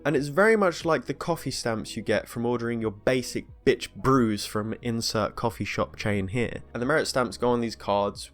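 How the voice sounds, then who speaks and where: A man's voice: medium pitch, a bit bright. A man narrating a casual game review as a voice-over, with wry, sarcastic asides.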